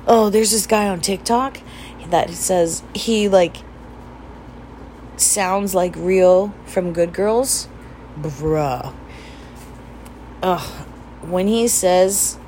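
A woman's voice: fairly low pitch, animated, slow, long pauses, a little mellow, slight background noise, rough recording. Chatty young woman telling stories. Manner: chatty, laughs often, acts out quoted dialogue. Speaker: vlogger. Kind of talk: casual storytelling vlog.

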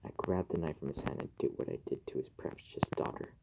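A man reading a first-person horror story in a slow, hushed way that often drops to a whisper. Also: very deep voice, gravelly, very noisy. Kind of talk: scripted horror narration.

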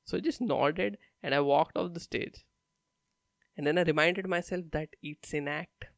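A young man tells stories in a blunt, profane, casual way. His voice sits a little high and has a gravelly edge. The recording is dry and close, with no room sound. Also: normal speed, a bit bright, no room sound. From India. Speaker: stand-up comedian. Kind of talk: casual monologue.

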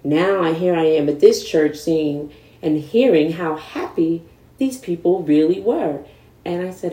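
A woman's voice: on the low side, unhurried, echoey room, recorded from a distance, poor audio. A woman, a guest in a candid conversation, telling her story animatedly and acting out the people in it. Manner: animated, acts out quoted voices.

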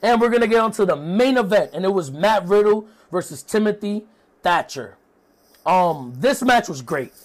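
A man's voice: high voice, animated, moderate pace. A young man giving a loose, profane review of a wrestling show, with plenty of fillers and asides. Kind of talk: casual recap commentary.

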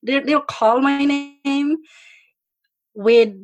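A middle-aged woman telling stories from her past in a casual chat, animated and laughing often. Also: sits high, very slow, soft background music. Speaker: guest. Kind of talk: casual storytelling.

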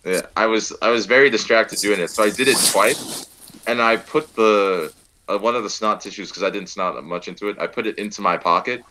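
A man's voice: on the low side, fairly quick, a crowd in the background. A young man chatting casually, rambling through goofy stories and laughing often. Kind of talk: casual chat.

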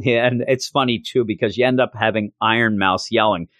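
Man excitedly recapping a comic. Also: normal speed, hardly any pauses, dry recording, clean studio sound. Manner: animated retelling, jumps into high goofy voices for quotes. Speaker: podcast co-host reviewing comics. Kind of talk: casual comic review recap.

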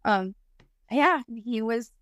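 A woman's voice: a little high, expressive, extremely slow, fairly bright tone, dry recording, clean studio sound. A woman in her thirties telling a personal story as a podcast guest, rambling and full of "like". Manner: rambling, heavy use of "like". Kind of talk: casual storytelling.

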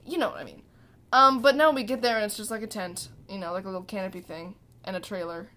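A woman's voice: mid-range voice, steady tone, quick pace, pushed and bright. A teenage girl co-hosting a podcast, telling a story in a casual, chatty way with lots of fillers and acted-out quotes. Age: teens. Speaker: podcast co-host. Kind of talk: casual chat.

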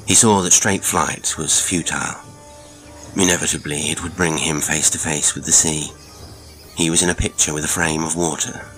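A man narrating a classic adventure story in a measured, dramatic storytelling manner. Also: a bass voice, sharp tone. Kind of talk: scripted audiobook narration.

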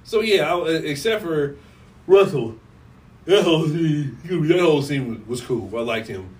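A man co-hosting a casual podcast about movies, laid-back and trailing off quietly at times. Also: on the high side, expressive, a little slow. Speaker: podcast co-host. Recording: distant mic with faint background noise.

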